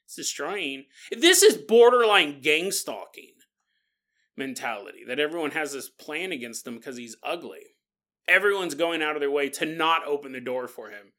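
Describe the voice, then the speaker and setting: Male podcast host, casual solo talk, lively swinging pitch, bright edge, laughs a lot. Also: normal speed. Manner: animated, laughing often, acting out quoted voices.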